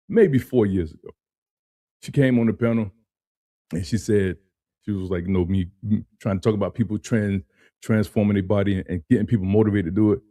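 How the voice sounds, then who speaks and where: A man with a low, mellow voice, hosting a relaxed reaction video. He talks in loose slang, circles back on his phrases and drops "man" often. The sound is close and dry. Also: dry recording. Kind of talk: casual reaction commentary.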